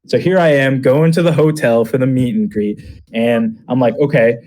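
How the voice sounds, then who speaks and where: A man's voice: mid-range voice, normal speed, darkish tone. A young man telling a crude improvised comic story on a podcast, rambling and losing his place. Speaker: podcast guest.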